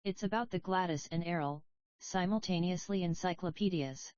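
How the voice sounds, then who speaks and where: Plain, even woman audiobook reader for stage directions; dry close sound, slightly dull. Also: on the low side, moderate pace, no echo. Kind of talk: reading stage directions aloud.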